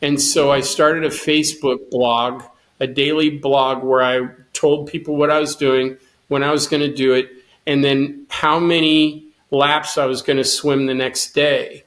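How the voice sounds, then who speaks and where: A man's voice: mid-range voice, level tone, a little slow, hardly any pauses, a bit bright. Earnest man telling his story. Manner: earnest, quotes his own thoughts with rising intensity. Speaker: guest, cancer survivor and swimmer. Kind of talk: storytelling interview.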